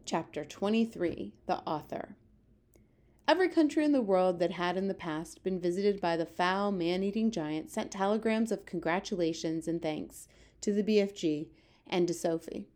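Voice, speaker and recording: A woman reading a children's book aloud with steady, expressive storytelling. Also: fairly low pitch, normal speed. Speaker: reader.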